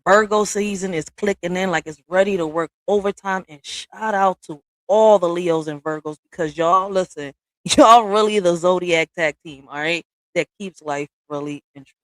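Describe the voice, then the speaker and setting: A woman's voice: on the low side, moderate pace, dry recording. A woman hosting a live stream at home in a casual, blunt rant. She talks straight to her viewers with profanity and slangy asides. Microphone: streaming software setup.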